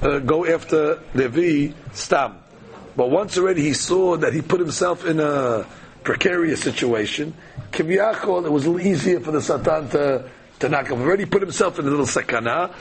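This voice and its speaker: Man teaching a Talmud class. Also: fairly high pitch. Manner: reads Aramaic text then explains it in conversational English, repeats phrases. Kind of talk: daily Talmud class, reading and translating.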